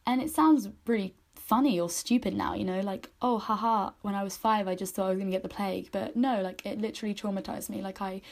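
A woman's voice: mid-range voice, fast, few pauses, darkish tone. A woman in her twenties hosting a personal podcast, speaking candidly and emotionally, at times choked up. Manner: candid, emotional, speaks in run-on spoken sentences with many likes. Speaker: podcast host.

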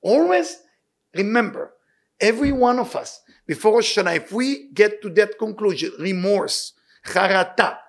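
A man giving an impassioned sermon and telling a story, repeating his key words and speaking loose, halting English. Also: sits high, animated. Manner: loose, halting non-native English grammar. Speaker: rabbi giving weekly inspiration.

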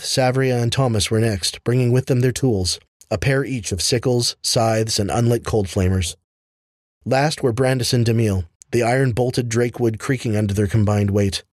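Reading fantasy fiction from a script, a male audiobook narrator keeps a measured, even storytelling delivery in a mid-range voice. It's studio quality, with no room sound.

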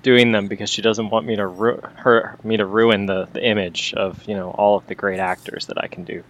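A man's voice: fairly low pitch, flat delivery, fairly quick, very noisy. A man playing a tabletop game, joking and bantering with the other players. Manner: joking, playful.

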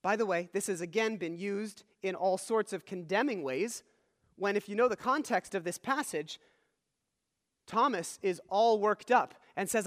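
Preaching at a normal pace, a man whose voice is high-pitched and fairly bright teaches his congregation in earnest as their pastor. He keeps asking "all right?" to check in, and the sound carries a long hall reverb.

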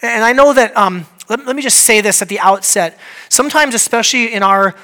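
A man's voice: high-pitched, brisk, pushed and bright. A male pastor preaching a sermon in a conversational, humorous way, acting out quoted voices, with many fillers. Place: church service.

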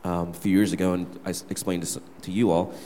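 Deep-voiced man telling a story in a hall. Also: level tone, fast, dark tone, a little hiss or hum. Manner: candid, earnest storytelling. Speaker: worship leader. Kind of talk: personal story told to a church gathering. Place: church hall. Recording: reverberant hall.

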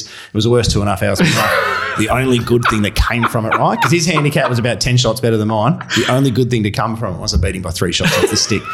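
Aussie racing tipster guy, rapid casual chat, deep-ish voice, swears a bit. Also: background noise. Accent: Australian. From Western Australia. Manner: blokey, swears freely, tells stories with put-on voices. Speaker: racing podcast co-host and tipster.

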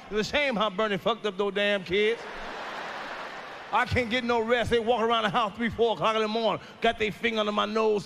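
A man doing a brash, profane stand-up comedy routine, shouting his punchlines. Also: high-pitched, slight background noise.

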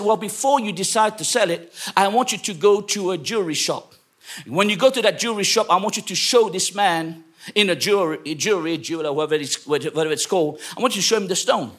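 A man from England preaching a sermon to a congregation, telling a story and then shouting exhortations. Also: high voice. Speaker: pastor. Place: church.

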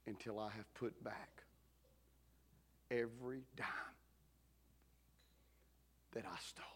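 A man voicing a disgraced male pastor who quietly and earnestly begs to make amends. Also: fairly low pitch, steady tone, slow pace, husky, exaggerated voice. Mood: pleading.

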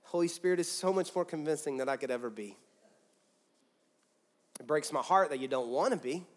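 A man preaching a sermon as pastor, swinging from loud, pressing emphasis down to quiet, soft lines. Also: mid-range voice. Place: church auditorium with a congregation.

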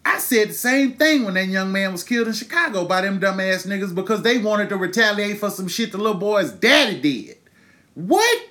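A man's voice: sits high, a little fast, few pauses, sharp tone. Furious profane man in his thirties. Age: 30s. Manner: angry, profane ranting; emphatic rhetorical questions. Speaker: podcast host. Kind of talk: impassioned monologue.

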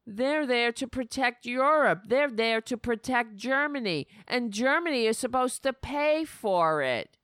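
A woman's voice: a little high, animated, unhurried, hardly any pauses, fairly bright tone, clear, resonant tone, no echo, studio quality. A woman hosting a political talk show, ranting with sarcastic, indignant anger and frequent swearing. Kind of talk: angry political commentary.

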